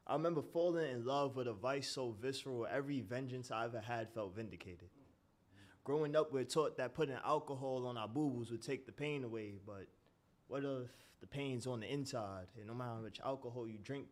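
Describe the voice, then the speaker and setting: Young man rushing through spoken word. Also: mid-range voice. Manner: rhythmic, rushed delivery. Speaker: performing poet. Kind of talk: spoken-word poetry recital.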